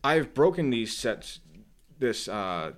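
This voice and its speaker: A young man co-hosts a casual podcast, spinning a story with lots of swearing. His delivery is animated, with a mid-range pitch. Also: takes it slowly. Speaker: podcast co-host. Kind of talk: casual chat.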